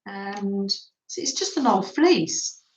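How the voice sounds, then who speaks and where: Chatty woman hosting a slow craft stream. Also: medium pitch, lively intonation. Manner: chatty, laughs often, greets viewers by name. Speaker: craft livestream host. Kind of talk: casual chat while crafting. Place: home room. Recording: echoey room.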